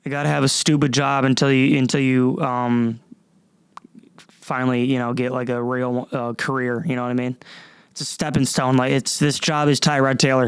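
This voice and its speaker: A man's voice: mid-range voice, little pitch movement, moderate pace, clean tone, no room sound. A young man hosting a solo comedy podcast, rambling and swearing with stammering restarts. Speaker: podcast host.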